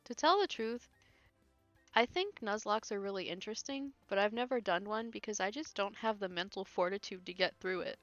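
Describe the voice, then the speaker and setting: A woman's voice: mid-range voice, moderate pace, fairly bright tone, dry recording, dull audio, faint music behind. A woman streamer chatting casually while playing a video game, giggling and talking to her chat between asides. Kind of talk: casual let's-play commentary.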